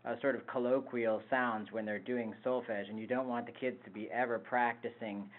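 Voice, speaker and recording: A man's voice: mid-range voice, fairly even intonation, moderate pace. A man co-presenting a choir webinar, explaining vocal exercises with some fillers. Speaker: choir director. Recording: phone-like narrow band.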